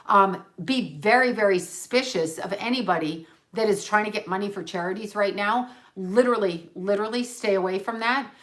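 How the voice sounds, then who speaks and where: A woman's voice: medium pitch, moderate pace, few pauses. A woman, a psychic medium, talking on a livestream as she channels, rambling and correcting herself, repeating words for emphasis.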